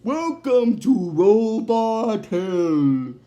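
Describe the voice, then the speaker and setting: A man imitating a theatrical male robot devil in a slow, drawn-out, grand voice. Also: sits high, big pitch swings, warm tone, full character voice. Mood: menacing.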